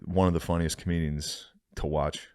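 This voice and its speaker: A man co-hosting a podcast, a stand-up comedian in casual banter, crude and deadpan, acting out crowd voices. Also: extremely low pitch, moderate pace, clean tone, dry recording, studio quality.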